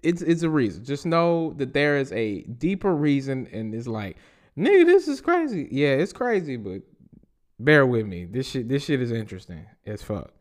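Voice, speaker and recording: A man's voice: mid-range voice, expressive, moderate pace. A man with a Southern US accent hosting a podcast, reading news stories aloud and riffing on them with loose, profane commentary. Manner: reads news aloud and riffs with laughs and profanity. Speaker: podcast host.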